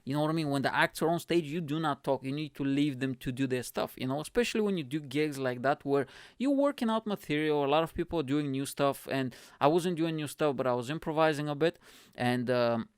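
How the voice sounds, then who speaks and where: A male comedian and podcast host telling stories in a casual, animated monologue, swearing often and filling his talk with "like" and "you know". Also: a little high, brisk, clear, resonant tone, no room sound, clean studio sound. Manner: animated, swearing, heavy with fillers.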